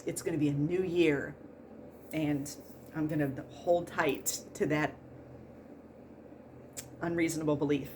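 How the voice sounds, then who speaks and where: A woman's voice: low-pitched, fairly even intonation, a little slow, pauses often, darkish tone, slight background noise. A woman in her forties, a nurse hosting a podcast, telling work stories in a casual comedic monologue with exasperated, laughing rants. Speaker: pre-surgery nurse and podcast host.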